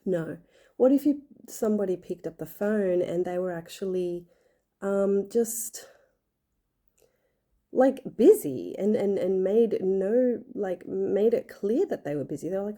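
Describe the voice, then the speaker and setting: Chatty woman with a mellow voice. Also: medium pitch, expressive, measured pace. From Australia. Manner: chatty and earnest, many fillers, acts out quoted voices. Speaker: vlogger. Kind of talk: casual personal talk to camera.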